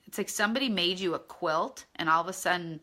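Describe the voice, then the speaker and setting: In casual spiritual teaching, a woman guides her course with earnest, conversational talk and regular check-ins with listeners. She speaks quickly, and her lowish voice comes across pushed and bright.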